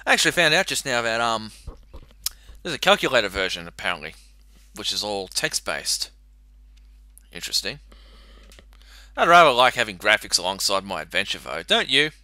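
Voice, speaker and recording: A man's voice: lowish voice, sing-song, normal speed, pauses often, pushed and bright, no echo. A man casually commentating on an old adventure game, chatty and crude. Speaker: let's play host.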